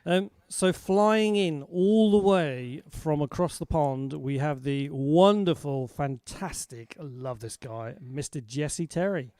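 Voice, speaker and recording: A man's voice: fairly high pitch, slow pace, few pauses, no echo, clean studio sound. A British man hosting a music show over a video call, chatting casually and greeting viewers. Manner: chatty, warm greetings to viewers, laughs easily. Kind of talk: casual livestream chat.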